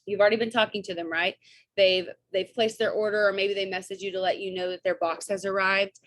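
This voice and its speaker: A young woman coaching her team on a video call, chatty and upbeat, with quick asides and bits of quoted dialogue. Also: mid-range voice, little pitch movement, dry recording.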